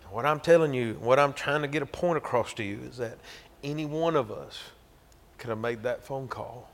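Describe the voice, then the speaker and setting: A man's voice: mid-range voice, moderate pace. A man with a Georgia Southern accent, preaching a sermon as a pastor and telling a story in a folksy, emphatic way. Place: church.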